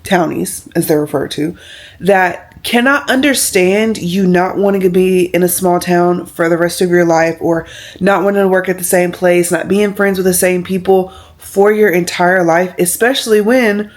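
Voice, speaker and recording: A woman's voice: lowish voice, normal speed, no room sound. A woman, chatting casually in a vlog. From Alabama. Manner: chatty, animated storytelling with acted-out quotes. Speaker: vlogger.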